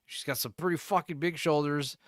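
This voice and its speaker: A man's voice: fairly high pitch, a little fast, dry recording, studio quality. A man co-hosting a podcast in casual chat, rambling and cursing as he acts out quotes in different voices. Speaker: podcast co-host.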